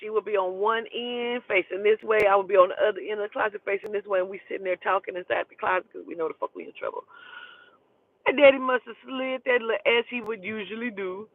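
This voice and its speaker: A man from Oklahoma telling animated, profane stories in a casual way, often calling the listener "child". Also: sits high, quick pace, no echo. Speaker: storyteller. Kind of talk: casual storytelling. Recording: dry tinny phone-like sound.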